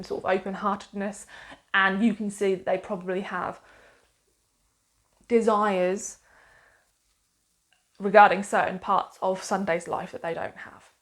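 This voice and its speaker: A woman with a Suffolk accent chats about a novel she loved, stopping and restarting her sentences as her enthusiasm runs ahead of her. Her voice sits at an ordinary middle pitch, and she talks casually straight to camera. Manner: chatty, enthusiastic, hedging with frequent fillers and restarts. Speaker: book reviewer. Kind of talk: casual book review to camera.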